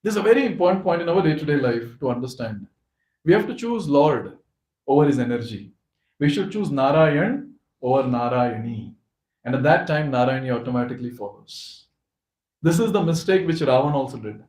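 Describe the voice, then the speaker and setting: A man's voice: medium pitch, brisk. Man telling a devotional story. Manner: animated storyteller who addresses the audience. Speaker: speaker at a youth forum. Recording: echoey hall.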